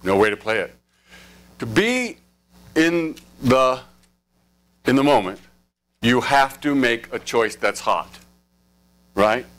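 A middle-aged acting teacher coaches actors at a live workshop, speaking from the stage before an audience. His medium-pitched voice is animated and fairly bright, and he takes it slowly with frequent pauses while joking, laughing and firing off asides.

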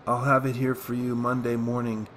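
Man reading a sheepish shop manager making excuses, steady mid voice. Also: medium pitch, normal speed, a little hiss or hum, close to an everyday voice. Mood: apologetic. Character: sheepish male branch manager, apologetic.

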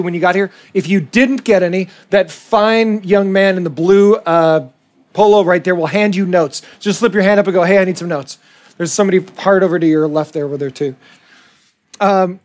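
A pastor preaching a sermon to his congregation, reading scripture and pausing to prompt his listeners directly. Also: high-pitched. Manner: preaching with emphatic pauses and direct audience prompts. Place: outdoors under tents with a congregation.

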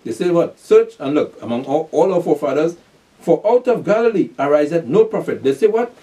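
Fast and dark-toned, with a somewhat high voice and big pitch swings, a male preacher delivers a sermon heard from a distance from the mic. He reads scripture, unpacks it in street slang, poses questions he answers himself, and keeps urging listeners to "pay attention."

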